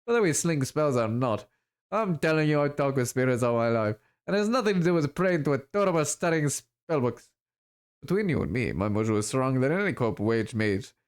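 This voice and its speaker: A man's voice: mid-range voice, animated, fairly quick, clear, resonant tone, natural voice. A man voicing a scrawny, cheerful street elf drug dealer with sly, boastful sales patter, reading a video game aloud. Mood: rambling.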